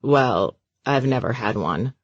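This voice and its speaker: Female narrator doing a guarded, shy young man, low and terse. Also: expressive, takes it slowly, no echo, highs cut off, heavily acted. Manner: short, guarded replies.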